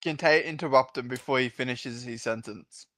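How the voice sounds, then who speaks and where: A man's voice: mid-range voice, normal speed, fairly bright tone, no room sound. Hesitant man playing a tabletop game. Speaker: player. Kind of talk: casual tabletop game talk.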